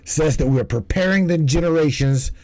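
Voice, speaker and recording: A man's voice: a little high, a little fast, darkish tone, poor audio. A man hosting a livestream in casual commentary, rambling and swearing, often stumbling and restarting his words. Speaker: livestream host.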